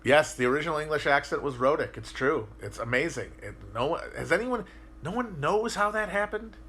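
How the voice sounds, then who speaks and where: A man with a bright, forceful voice holds forth on a casual livestream as he answers viewer comments. He rambles and swears freely, restarting sentences and thinking aloud as he goes. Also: on the high side, animated, a little fast, slightly rough. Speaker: podcast host.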